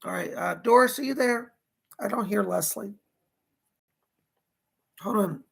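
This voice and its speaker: On a live stream, a male psychic medium reads out viewer donations and questions, passing along spirit messages peppered with "he said." His high-pitched voice is slow, a bit bright and hoarse, and he coughs now and then.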